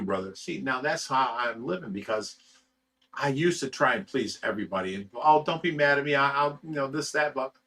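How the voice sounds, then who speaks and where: A man's voice: medium pitch, bright, forceful tone, distant mic. A man hosting a livestream, chatting casually and reading viewer comments in a blunt, rambling way, swearing freely. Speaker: livestream host reading chat.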